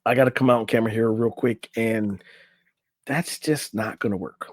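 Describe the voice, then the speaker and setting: A man's voice: on the low side, steady tone, normal speed, no echo. A man co-hosting a relationship coaching podcast, talking loosely and reading from an article with his own asides. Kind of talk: casual podcast chat. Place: in a room on camera.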